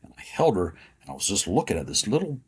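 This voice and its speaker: Man in his fifties, very low voice, heavily husky and raspy, plain-spoken, earnest storyteller, podcast guest. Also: wildly swooping pitch, quick pace, darkish tone. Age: 50s.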